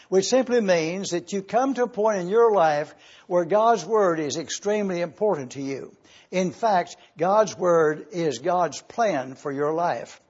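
A man preaching a Bible teaching sermon, explaining terms deliberately and drawing out key words slowly. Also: sits high, darkish tone, breathy edge. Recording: muffled lo-fi recording.

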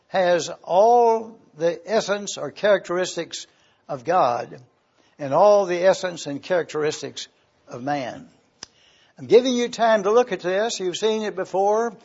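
Male pastor, sermon, high voice, husky, slow emphatic delivery. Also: darkish tone, lo-fi sound. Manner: slow, deliberate, emphatic preaching with long pauses.

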